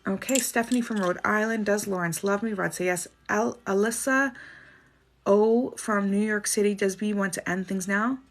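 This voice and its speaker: A Canadian woman reading viewer questions on a livestream and giving quick answers, with soft apologetic asides. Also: mid-range voice, faint music behind. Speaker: spiritual reader doing live dowsing rod answers.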